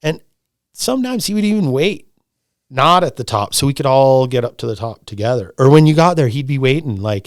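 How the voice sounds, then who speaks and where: Middle-aged man, podcast guest, excitable rambler, mid pitch, dry close mic. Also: normal speed, no room sound. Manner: animated, rambling, swearing, repeating himself. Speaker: lodge owner, podcast guest. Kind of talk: casual podcast conversation.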